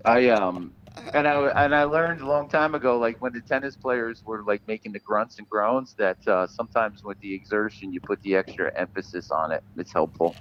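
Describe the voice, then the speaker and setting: A man's voice: lowish voice, normal speed, lo-fi sound, slight background noise. An older man chatting casually, telling boastful stories from his ball-playing days and acting out the umpires. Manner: boastful storyteller, acts out umpire voices. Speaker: guest caller. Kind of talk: casual chat.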